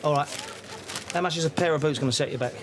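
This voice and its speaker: An actor playing a gruff, sharp-tongued working-class father who scolds his grown sons. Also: fairly high pitch, background noise, natural voice. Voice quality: brisk, scolding.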